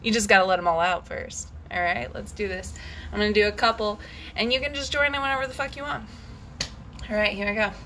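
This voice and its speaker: Intense, bright-voiced woman breathwork coach. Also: medium pitch, quick pace, slight background noise. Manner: intense, emphatic, swears freely. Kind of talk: guided scream and breathwork session.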